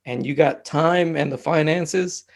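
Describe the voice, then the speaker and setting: A man speaking as a mental health technician guest in a relaxed interview, telling stories with lots of fillers. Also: a little high, measured pace, gravelly. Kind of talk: casual conversational interview.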